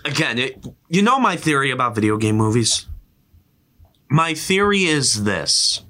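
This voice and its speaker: A man hosting a casual podcast chat, rambling and animated with lots of fillers. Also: medium pitch, a little slow. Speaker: podcast host. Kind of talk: casual chat about movies and games.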